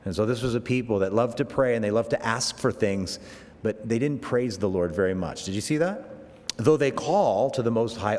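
A man preaching a verse-by-verse sermon, rising to loud emphatic peaks and dropping to slow, quiet asides, with frequent restarts. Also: medium pitch, animated. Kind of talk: expository sermon. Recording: long hall reverb.

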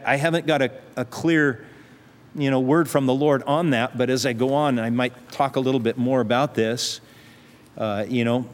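A man preaching a sermon in an earnest, conversational way, often restarting his sentences. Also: mid-range voice. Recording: long reverb hall.

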